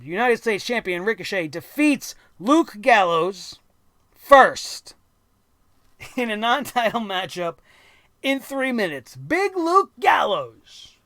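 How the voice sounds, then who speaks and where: A man's voice: sits high, a bit bright, no echo. A man hosting a wrestling review show, ranting bluntly and sarcastically with plenty of swearing.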